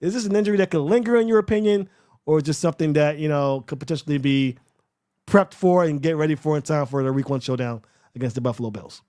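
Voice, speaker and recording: Slightly high-pitched male podcast host. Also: fast, darkish tone. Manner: laughs easily, steers the conversation. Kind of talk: casual sports podcast hosting.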